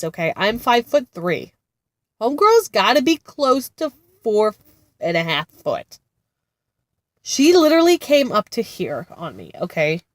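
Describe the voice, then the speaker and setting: A woman's voice: mid-range voice, big pitch swings, unhurried, dry recording. A woman in her thirties who sounds congested from being sick, talking casually with lots of fillers and laughs as she rambles about her kids. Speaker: vlogger, mother of two. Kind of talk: casual chat. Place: sitting in a car-like space outside a therapy center.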